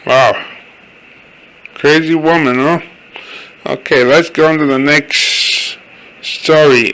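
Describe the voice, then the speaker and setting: A man's voice: fairly high pitch, fairly even intonation, takes it slowly, fairly bright tone, low-quality recording. A man reading news stories aloud, adding dry remarks of his own. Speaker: news commentary host. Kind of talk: reading news articles aloud with brief comments.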